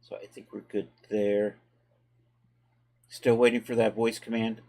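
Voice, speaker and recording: With a fairly low pitch and some vocal fry, a man speaks unhurriedly as he hosts a live tutorial stream teaching 3D software. He chats casually and relaxedly with his audience while working through steps and thinking aloud.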